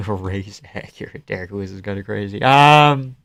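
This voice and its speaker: A man's voice: fairly low pitch, moderate pace, fairly bright tone. A man live-streaming casual commentary on a fight, offhand and joking, swearing freely.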